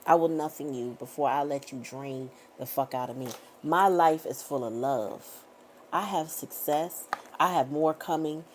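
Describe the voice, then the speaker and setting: Middle-aged woman tarot reader with a low voice, blunt and profane, talks in a casual motivational way. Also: a little slow, a little hiss or hum. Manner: emphatic, repetitive affirmations.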